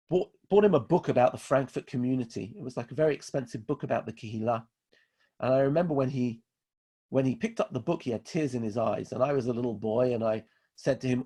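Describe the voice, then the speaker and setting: A man's voice: medium pitch, darkish tone, breathy edge. A man from England, a rabbi giving a Torah lecture in an emphatic way, repeating key phrases to drive them home. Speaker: rabbi teaching a class.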